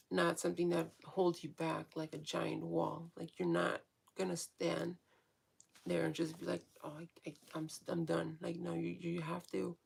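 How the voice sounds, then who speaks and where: Woman with a very gravelly husky voice. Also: on the low side, darkish tone. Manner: frank, swears freely, many fillers and restarts. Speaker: vlogger. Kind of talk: casual rambling monologue.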